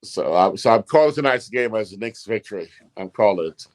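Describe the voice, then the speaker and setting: A man's voice: fairly low pitch, expressive, a little fast, no echo. Joking, rambling man talking sports. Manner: joking, rambling, laughs often. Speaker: podcast co-host. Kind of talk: casual sports chat.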